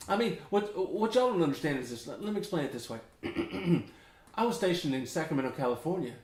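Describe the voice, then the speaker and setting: A man's voice: a little high, lively intonation, fairly quick, a little mellow. A middle-aged man from Memphis with a Southern US accent, rambling in a folksy, chatty way as he teaches ukulele at home, often chuckling. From Memphis, Tennessee. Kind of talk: casual chatty tutorial. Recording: roomy echo.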